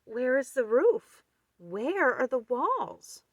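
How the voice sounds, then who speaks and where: A woman voicing a timid, excitable little female mouse in a storybook, with a squeaky voice. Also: slow, breathy edge, no room sound, studio quality, exaggerated voice. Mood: excited.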